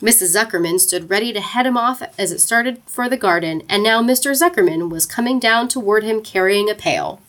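A woman narrating a children's storybook aloud in an expressive, playful way. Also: medium pitch, brisk, few pauses.

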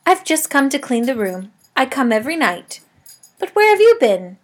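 A woman's voice: sits high, sing-song, moderate pace, breathy edge, heavily acted. A woman voicing a cheerful, chatty middle-aged male night janitor who jokes and talks kindly to a class pet. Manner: chatty, joking, friendly.

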